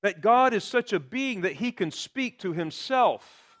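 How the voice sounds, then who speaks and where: A man's voice: high voice, animated, a little slow, fairly bright tone. Man preaching an expository sermon. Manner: expository preaching with emphatic quoted scripture. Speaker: pastor.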